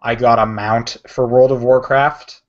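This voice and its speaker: Heard through dull, lo-fi podcast audio, a male co-host talks in an unhurried, medium-pitched voice that barely moves in pitch. His casual chat wanders, packed with fillers and corrections of himself.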